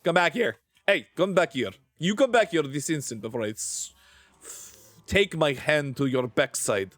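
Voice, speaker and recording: A man's voice: a little high, expressive, normal speed, a bit bright, no room sound. A man putting on a mock Russian accent to play a stern, bossy man scolding a runaway animal with teasing threats. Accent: put-on Russian.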